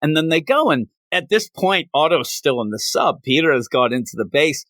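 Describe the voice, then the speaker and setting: A man's voice: a little high, very animated, moderate pace, a bit bright, dry recording. A man hosting a casual comic book review, retelling the plot animatedly and laughing often.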